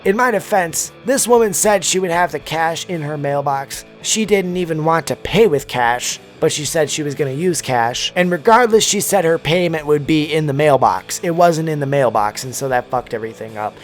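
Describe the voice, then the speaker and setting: A man's voice: a little high, lively intonation, moderate pace, hardly any pauses, faint music behind. A man who delivers pizza tells a heated, crude storytime, swearing constantly. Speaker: pizza delivery driver and vlogger. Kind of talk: profane storytime rant.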